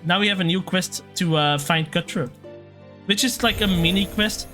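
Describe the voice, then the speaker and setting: A chatty young man commenting on his game from a home setup. His voice is high and bright, and he reacts out loud to each turn and often breaks into excited yelps. Light music runs quietly underneath. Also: normal speed. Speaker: let's play gamer. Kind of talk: gameplay commentary.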